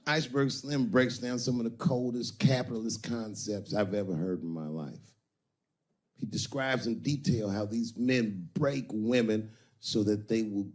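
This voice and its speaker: Stand-up comic, male, lively storyteller voice with wide swings in pitch, mid-range tone. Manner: animated, acts out characters with big pitch swings. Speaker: stand-up comedian. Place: comedy stage before a live audience.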